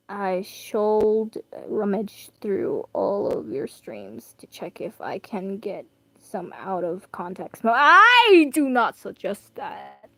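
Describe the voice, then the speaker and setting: A woman's voice: mid-range voice, fairly bright tone, no room sound. A young woman chatting casually and rambling while reading a story aloud on stream. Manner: rambling, self-deprecating, bursts of laughter.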